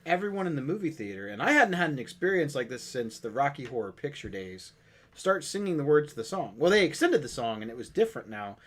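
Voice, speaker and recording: Man, podcast co-host, casual chat, lively storytelling. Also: fairly high pitch, fast. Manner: animated storytelling, swears casually.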